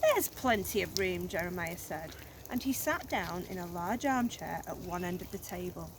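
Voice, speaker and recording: Woman teacher, storytelling, expressive, lively pitch, outdoors, phone camera. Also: moderate pace, noisy background. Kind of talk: reading a children's story aloud. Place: outdoors on a snowy walk.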